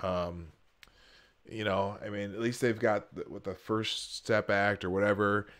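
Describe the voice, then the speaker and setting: A man's voice: on the low side, steady tone, a little slow, a bit bright. A man hosting a live stream, commenting sarcastically on a political speech and rambling with many restarts and fillers. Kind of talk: casual commentary.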